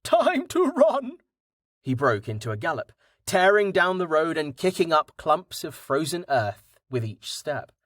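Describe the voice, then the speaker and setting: A man narrating an audiobook in a measured, expressive reading. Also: a little high, no echo, studio quality. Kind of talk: scripted narration.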